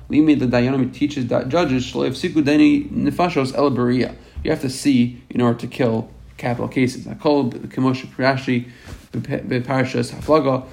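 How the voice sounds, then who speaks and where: Male Torah teacher, gravelly voice, mid pitch, reads Hebrew and translates with halting restarts. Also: a little mellow. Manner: halting, repeats and self-corrects. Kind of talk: reading Hebrew text aloud and translating line by line.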